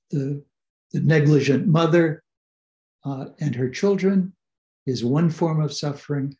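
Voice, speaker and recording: A man's voice: fairly high pitch, gravelly, mellow. A man, a professor, leading a literary discussion on a video call, reflective and hesitant with many fillers. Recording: dull, echoey video-call audio.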